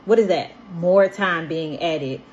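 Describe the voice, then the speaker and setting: A woman's voice: lowish voice, slow, lo-fi sound, a little hiss or hum. A young woman casually recounting a story, emphatic and repeating herself for effect.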